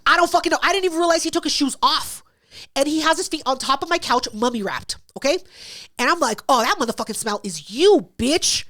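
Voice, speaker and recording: A woman's voice: high-pitched, quick pace, a bit bright. A woman hosting a podcast, telling a story in casual, profane chat and acting out both sides of it. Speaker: podcast host.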